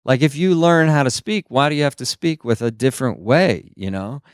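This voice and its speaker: A young man from the United States performs stand-up comedy into a handheld microphone, his voice smooth and resonant in a dry, close sound. He tells his stories in an animated, playful way. He keeps breaking into silly, high-pitched voices for the people he quotes. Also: a little fast, no room sound. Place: small stage.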